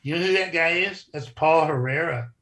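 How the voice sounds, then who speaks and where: A man's voice: a little high, moderate pace, sharp tone. An older man, a former wrestler, telling stories in a rambling, casual interview. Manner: rambling, restarts, chuckles.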